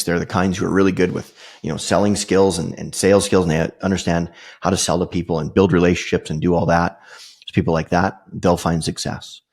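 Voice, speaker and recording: Low gravelly husky man telling a story. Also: darkish tone. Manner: conversational, swearing, many fillers and restarts. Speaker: podcast host. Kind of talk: casual storytelling.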